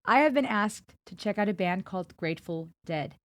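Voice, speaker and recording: A woman's voice: mid-range voice, lively intonation, normal speed, fairly bright tone, dry recording. Chatty young woman, dry close sound. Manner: chatty, thinks aloud with musing asides. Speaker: reaction video host. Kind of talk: casual reaction chat.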